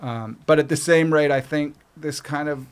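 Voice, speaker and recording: A man's voice: on the high side, moderate pace, smooth. A middle-aged man from Canada, a guest telling a casual story with lots of swearing and acted-out quotes. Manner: profane, animated retelling with acted quotes.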